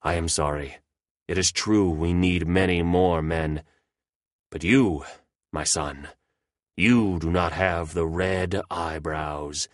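A man voicing a grizzled old male rebel leader who talks slowly and gravely. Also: dry recording, clean studio sound. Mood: regretful. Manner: slow, grave, deep.

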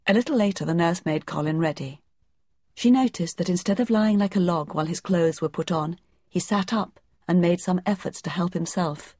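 Brief: woman audiobook narrator, low voice, measured delivery, dry studio sound. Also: darkish tone, no room sound.

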